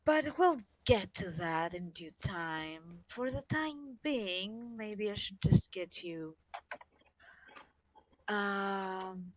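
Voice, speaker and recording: An easygoing woman taking part in a tabletop game and describing what her character does. She speaks slowly and unhurriedly, recorded close and dry. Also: medium pitch, lively intonation, no room sound, poor audio. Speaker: player. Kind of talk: tabletop game play over voice chat.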